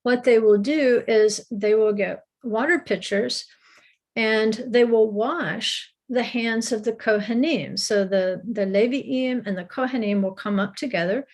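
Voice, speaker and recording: A woman's voice: on the high side, measured pace. A woman teaching a recorded Bible lesson, explaining with small restarts and an occasional light laugh.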